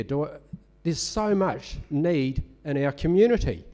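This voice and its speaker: A man giving a conversational sermon, telling a personal story in an animated, storytelling way. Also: fairly high pitch, unhurried. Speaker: lay preacher.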